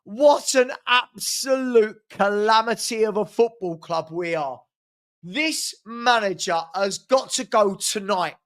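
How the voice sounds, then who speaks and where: Slow-talking exasperated football fan. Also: male voice, high-pitched, a bit bright. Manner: exasperated, sarcastic, laughs at his team. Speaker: fan watchalong host. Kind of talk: live match commentary from a fan.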